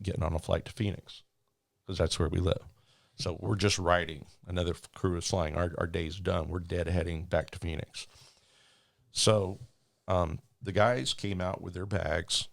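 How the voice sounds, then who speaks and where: A man working as a flight attendant, telling a story in a rambling, animated way with many restarts. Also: low voice, vocal fry, no echo. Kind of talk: casual storytelling.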